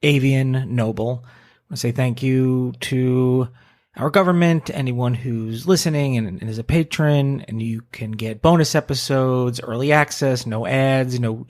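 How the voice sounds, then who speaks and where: A man co-hosting a podcast, giving playful, joking shout-outs and show announcements in casual chat. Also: medium pitch, measured pace. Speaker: podcast co-host.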